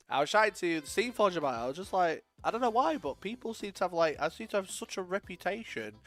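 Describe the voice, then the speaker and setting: A young man talks loosely to his stream chat, his fairly high voice swooping up and down, with faint music playing behind him. He swears freely, laughs a lot, and shifts between loud outbursts and muttering. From Sheffield, England. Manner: sweary, laughs often, swings loud and quiet. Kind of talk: casual live-stream chat.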